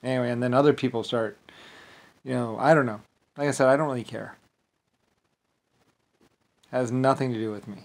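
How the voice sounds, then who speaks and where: A man talking alone in a loose, rambling rant at an ordinary middle pitch. He swears freely and waves things off with filler, one thought spilling into the next. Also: steady tone, moderate pace, creaky, pauses often. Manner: profane, dismissive rant with frequent filler. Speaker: channel host. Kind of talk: rambling solo monologue.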